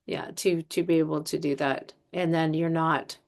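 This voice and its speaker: A woman with a notably low voice hosting a relaxed podcast chat. She listens closely, offers steady mm-hmms, and reflects her guest's points back in her own words. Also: normal speed, creaky. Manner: affirming listener, frequent mm-hmms. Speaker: podcast host. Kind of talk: casual podcast conversation.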